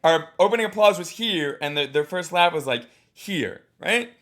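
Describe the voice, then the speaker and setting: A man coaching comedy with a lively, swooping delivery that sits a little high for a man. He is blunt, swears freely and jumps into quick impressions of the crowd and the performer to show what went wrong. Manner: animated, blunt, swears, acts out audience and comedian voices. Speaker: comedy teacher. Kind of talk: coaching critique of a recorded set.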